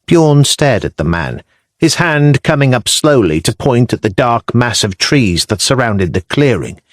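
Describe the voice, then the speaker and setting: A man reading a historical audiobook in measured, descriptive storytelling, recorded on a close studio mic. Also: medium pitch, big pitch swings, no echo. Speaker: audiobook narrator. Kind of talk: scripted narration.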